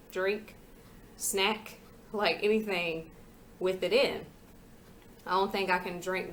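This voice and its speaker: A young woman in a home vlog with a somewhat low voice, talking freely and venting with frank asides, her words a little mushy from a retainer. There is a faint hiss of background noise, as from a camera mic in a living room. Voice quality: slightly slurred speech from a retainer. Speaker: vlogger. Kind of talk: casual chat vlog.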